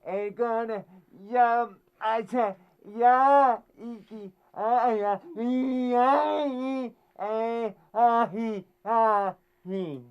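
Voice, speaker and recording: Woman doing a babbling sidekick, super slow, dull recording. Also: on the high side, smooth. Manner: incoherent mumbled babble. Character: mumbling sidekick called Butch.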